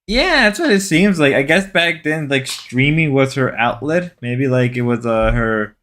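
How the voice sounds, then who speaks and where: Slow, rambling young man. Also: medium pitch, animated, a bit bright. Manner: rambling, hesitant, joking. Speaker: stream co-host. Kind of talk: casual chat.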